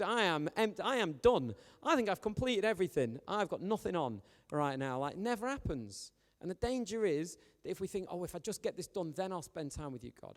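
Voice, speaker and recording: A man delivers a casual, chatty sermon, leaning on fillers and slipping into the voices he quotes. His voice sits a little high for a man. It rings through a church hall with a long reverb tail. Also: a little mellow. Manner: conversational, filler-heavy, acts out quoted voices. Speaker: preacher.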